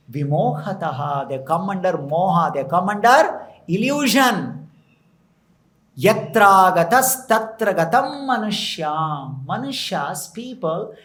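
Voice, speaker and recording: A man's voice: high-pitched, a bit bright, rough recording. A man preaching a sermon, retelling a scripture story with rhetorical questions and chanted verses. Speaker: temple preacher.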